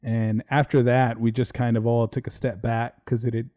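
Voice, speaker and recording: A man's voice: medium pitch, level tone, normal speed, mellow. A man co-hosting a podcast in casual, rambling live-stream chat. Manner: laid-back, rambling, swears casually. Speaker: podcast co-host.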